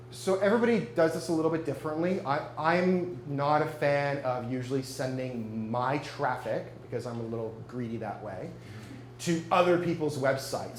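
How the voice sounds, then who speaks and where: A man giving a live presentation to an audience, chatty and jokey, often asking the room questions. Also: medium pitch. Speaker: speaker at a marketing meetup. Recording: echoey room, faint hum.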